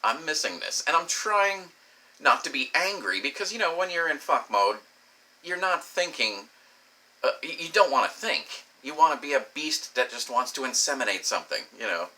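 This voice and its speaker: A man's voice: a little high, animated, normal speed, bright, forceful tone, rough recording. A man telling a crude personal story as a rambling, profane vlog monologue, laughing often and saying "you know" a lot. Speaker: vlogger.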